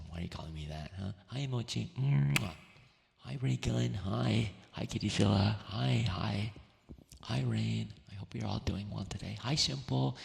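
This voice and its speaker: A man streaming as a VTuber, chatting softly and greeting his chat by name, with a giggly manner. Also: lowish voice, gravelly, big-room sound. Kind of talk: soft-spoken stream chat.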